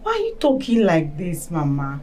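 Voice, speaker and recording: Putri muda yang memohon. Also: female voice, fairly low pitch, wildly swooping pitch, moderate pace, warm tone. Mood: pleading. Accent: Nigerian. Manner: respectful, pleading. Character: young daughter defending her friend.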